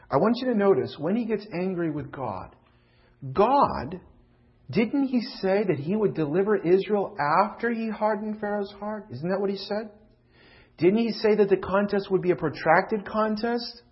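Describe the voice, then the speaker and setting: Middle-aged male pastor, sermon delivery, slightly high voice, dull lo-fi audio, big loud-to-hushed swings. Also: animated, a little slow. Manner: swings from loud pleading questions to hushed confiding tones. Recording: dull lo-fi recording.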